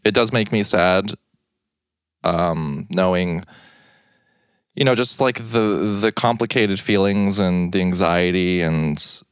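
A man's voice: sits low, slow pace, smooth, no echo, clean studio sound. A man hosting a podcast, earnest and hesitant in casual chat. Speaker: podcast host.

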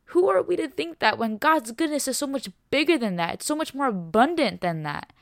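A young woman hosts a faith podcast, preaching passionately with emphasis, repeating herself and tossing in casual words like y'all and bro. Her voice is high, expressive and gravelly, a little fast, recorded in studio quality with no room sound.

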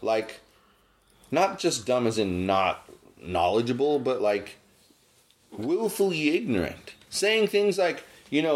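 A man with a medium-pitched voice hosts a podcast, taking things slowly as he rants casually. He gets worked up in this animated chat, his voice jumping sharply whenever he turns indignant.

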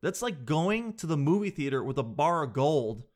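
A young man in his twenties performing a stand-up comedy routine, talking in an animated, slangy way and jumping into quick impressions of other people. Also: a little high.

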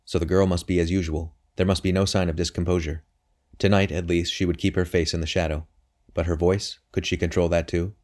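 A man narrating a novel in a measured, steady audiobook reading. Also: sits low. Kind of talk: scripted narration.

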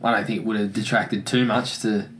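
A man co-hosting a casual film podcast, measured and hedging. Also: lowish voice, steady tone, a bit bright, a little hiss or hum. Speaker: podcast co-host.

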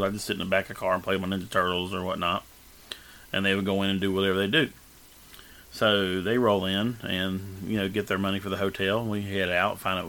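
Guest storyteller, male, rambling and casual, bright tone. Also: low-pitched. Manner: rambling, full of fillers and restarts. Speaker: guest telling his life story.

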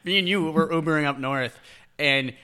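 A man's voice: a little high, moderate pace, pushed and bright. A young man co-hosting a podcast, rambling through crude stories and tripping over his words. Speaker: podcast co-host. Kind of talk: casual chat.

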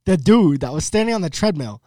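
A man's voice: fairly high pitch, sing-song, brisk, a little mellow, no echo, studio quality. A young man telling a funny story in casual chat, acting out his own lines as he goes.

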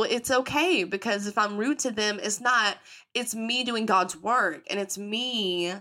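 A woman's voice: mid-range voice, sharp tone. A young woman hosting a podcast, telling a personal story in a candid, profane, casual way and acting out the voices of people she quotes. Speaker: podcast host.

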